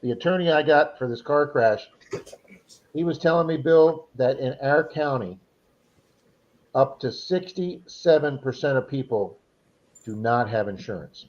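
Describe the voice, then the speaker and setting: A co-host with a medium-pitched, animated voice rambles through stories in a casual chat, speaking a little slowly and pausing often. He restarts and repeats himself, and the lo-fi sound is slightly dull.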